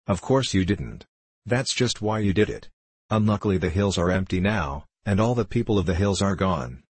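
An ancient, kindly male sprite of the hills speaks in a storybook reading, a man putting him on. The voice sits very low and a touch husky, recorded close and dry, with a playful, sing-song lilt. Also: lively intonation, normal speed, dry recording. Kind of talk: audiobook character reading.

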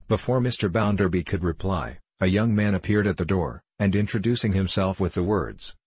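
Man, audiobook narrator, deep voice, husky, dry close sound. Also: moderate pace, few pauses, darkish tone, no room sound. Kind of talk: scripted narration.

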